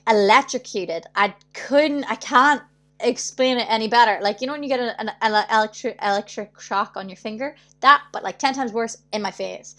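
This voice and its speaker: A woman's voice: medium pitch, a bit bright. A young woman chatting casually on her livestream, telling stories in a chatty way, acting out other people's voices and laughing often. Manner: chatty storytelling, acts out quoted voices, frequent laughs. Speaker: singer hosting her weekly livestream.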